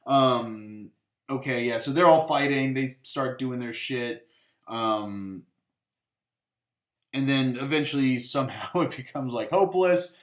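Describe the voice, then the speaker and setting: A man's voice: mid-range voice, a little slow. A man hosting a casual film review, rambling through the plot with many fillers and profanity. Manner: rambling, profane, full of fillers, acts out quotes. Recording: echoey room.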